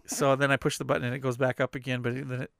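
A man's voice: mid-range voice, little pitch movement, rapid-fire, vocal fry, a bit bright, no echo. A man co-hosting a casual chat, teasing and playful, now and then slipping into jokey voices. His voice sits in an ordinary middle range. The sound is close and dry, with no room around it. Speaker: podcast co-host.

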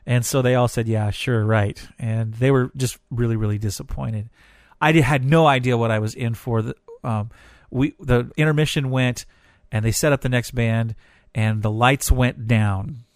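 Animated man telling a personal story. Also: mid-range voice, normal speed, dry recording, clean studio sound. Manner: animated, emotional, grows excited. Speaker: storyteller recounting a concert. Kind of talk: casual personal testimony.

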